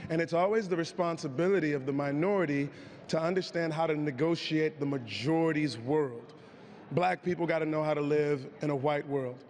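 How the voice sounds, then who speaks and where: A hoarse actor answering reporters candidly in an awards press room. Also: male voice, on the high side, brisk, in a large hall, a little hiss or hum. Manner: candid, reflective, loosens up when excited.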